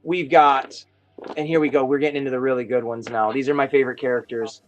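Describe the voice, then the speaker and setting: A man hosting a casual live stream, chatting in a rambling, excitable storytelling way. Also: mid-range voice, quick pace, dull audio, faint music behind. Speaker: host of a toy chat live stream. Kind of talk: casual chat.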